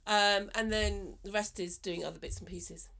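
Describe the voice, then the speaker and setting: A woman's voice: mid-range voice, steady tone, moderate pace, gravelly, a bit bright. A woman, a comedian co-hosting a podcast, chatting casually in a self-deprecating way. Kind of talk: casual chat.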